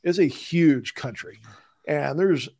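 A man's voice: fairly high pitch, slow, vocal fry, a little mellow, dry recording. A man with a Texan accent, co-hosting a podcast in loose, joking casual chat and laughing easily. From Texas. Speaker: podcast co-host.

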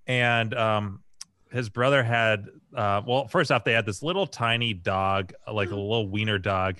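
A man's voice: fairly low pitch, a bit bright, dry recording. A man, a podcast co-host, telling a funny childhood story in casual chat, chuckling as he goes. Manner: laughing, loose storyteller.

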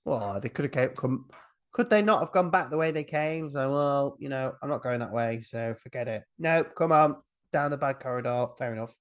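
A man's voice: mid-range voice, a little fast. A man co-hosting a casual chat, retelling a film scene by scene in a rambling, jokey way, breaking into silly voices. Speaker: podcast co-host recapping a film.

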